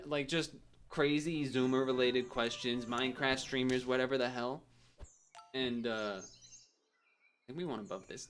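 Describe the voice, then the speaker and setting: Young male streamer, rambly, self-interrupting, mid-pitched everyday voice. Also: steady tone, unhurried, long pauses, fairly bright tone, smooth, soft background music. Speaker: game streamer. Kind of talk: casual stream commentary.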